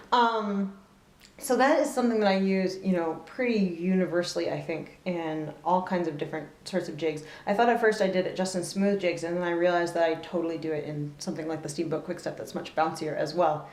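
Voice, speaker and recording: A woman giving a relaxed spoken fiddle lesson, thoughtful, often pausing with fillers as she explains bowing. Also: lowish voice. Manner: thoughtful, with fillers and soft laughs, counting beats aloud. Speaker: fiddle teacher. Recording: roomy echo with loud fiddle playing.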